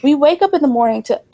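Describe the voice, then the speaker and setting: A young woman spins a chaotic story to her friend in casual conversation, her higher voice leaping up when she acts out what people said. Her delivery is loose and full of energy. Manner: animated, acts out quotes in a raised voice. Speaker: podcast co-host.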